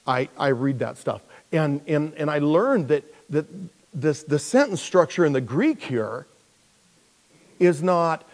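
A man's voice: lively intonation, slow pace. Man preaching in a reverberant hall. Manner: conversational, with frequent restarts and jokey high-pitched character voices. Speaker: pastor. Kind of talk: sermon.

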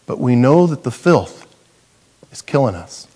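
A middle-aged man preaching a sermon as pastor, animated and jokey, with sudden loud high bursts. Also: unhurried, long pauses, husky.

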